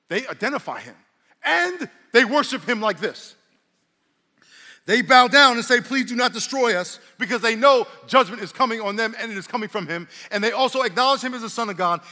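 A man's voice: high voice, pushed and bright, big-room sound. A male pastor preaching a sermon, calling on the congregation to respond and slipping in jokes. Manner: preaching with call-and-response and humor.

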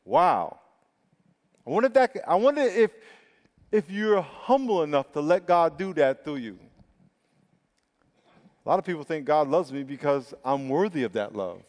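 A man's voice: on the high side, expressive. Preaching man in an echoing hall. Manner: emphatic preaching with drawn-out stresses and repetitions. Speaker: pastor. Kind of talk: sermon. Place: church sanctuary. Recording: long reverb of a large hall.

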